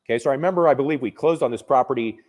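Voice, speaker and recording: A real estate investor recounting a personal story in a casual, conversational way, full of restarts and fillers. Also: male voice, mid-range voice, rapid-fire, a little mellow.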